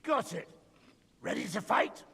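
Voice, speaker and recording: An actor playing a gruff male sparring master in a game who taunts and barks at his opponent. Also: high voice, very animated, measured pace, sharp tone, in a large hall, full character voice. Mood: taunting. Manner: taunting, barking. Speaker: sparring trainer.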